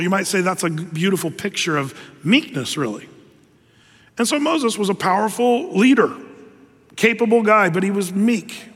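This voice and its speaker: A man preaching a sermon, telling the story lively with acted asides. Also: high voice, slightly rough, in a large hall.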